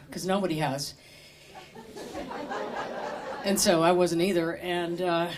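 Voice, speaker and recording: A middle-aged woman doing stand-up comedy at a live show in a store, wry and chatty, working the crowd with questions. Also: fairly low pitch.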